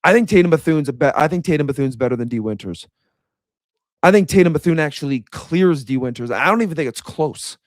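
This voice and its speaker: A man's voice: a little high, expressive, fairly quick, no room sound, studio quality. A young man giving a casual, frustrated reaction rant as a sports commentator, repeating himself as he vents.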